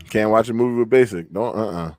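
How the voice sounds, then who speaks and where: A man's voice: on the low side, moderate pace, a little mellow, no echo, studio quality. A man hosting a podcast, chatting casually, teasing his co-host and laughing a lot with slang. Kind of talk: casual chat.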